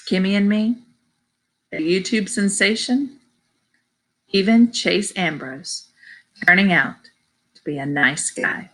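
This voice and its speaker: A woman's voice: mid-range voice, animated, slow pace, long pauses, fairly bright tone. A woman reading a middle-grade novel aloud, adding chatty asides that explain phrases to her listeners. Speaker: audiobook reader.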